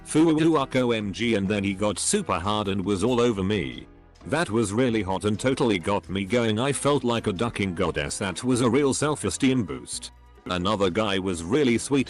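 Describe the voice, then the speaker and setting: A man reading online posts aloud as narrator, spelling out abbreviations letter by letter. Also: lowish voice.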